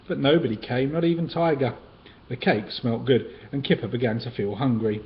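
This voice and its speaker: A man reads children's picture books aloud in a gentle, sing-song storytelling manner, his voice medium in pitch and moderate in pace. The recording is dull with light hiss.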